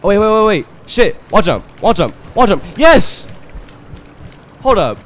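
A young man giving loose, excitable commentary while playing a video game, swearing often and talking to his chat. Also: sits high, a little slow. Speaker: gaming streamer. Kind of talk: casual let's-play commentary. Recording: game music playing behind. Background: game music.

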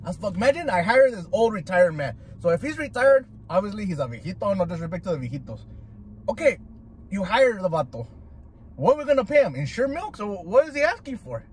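High-voiced with big swings in pitch, he speaks fairly quickly against slight background noise. This food vlogger from Southern California tells slangy, profane stories mixed with Spanish words, chatting casually between bites.

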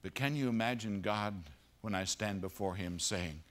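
A man preaching a sermon at a conference, moving between loud emphatic peaks and hushed low passages. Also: normal speed. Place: conference auditorium.

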